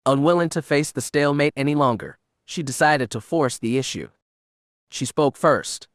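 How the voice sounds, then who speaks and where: A man in a middle register reads an audiobook in a steady, measured way. The sound is dry and close, with no room echo. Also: mid-range voice. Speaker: narrator. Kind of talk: audiobook narration.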